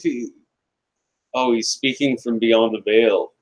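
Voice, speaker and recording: A man's voice: medium pitch, steady tone, takes it slowly, muffled recording. An American man co-hosting a casual podcast, laughing often, retelling scenes with put-on voices and swearing bluntly. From United States. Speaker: podcast co-host.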